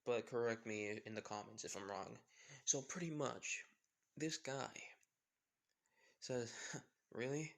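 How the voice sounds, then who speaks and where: Man, casual storyteller, rambling, fillers, gravelly voice. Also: medium pitch, slow, pauses often. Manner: rambling, many fillers and self-corrections. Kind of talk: casual retelling of a fan story.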